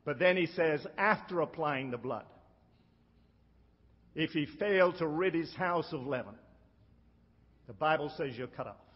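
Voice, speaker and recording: A middle-aged man delivers a sermon with emphatic weight and slows right down on the lines he wants to land. His voice rings with a long reverb, as if he is in a big hall. The sound is a little dull and muffled. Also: on the high side, animated, breathy edge. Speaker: preacher.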